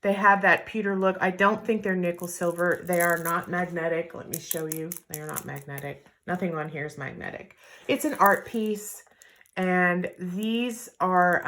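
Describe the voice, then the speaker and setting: A middle-aged woman talks through a jewelry unboxing in a casual, chatty vlog style. Her voice sits a little low for a woman. She is candid and rambling, full of "um"s and side comments. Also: fairly bright tone. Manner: chatty and candid, with fillers and asides. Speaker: jewelry reseller vlogger.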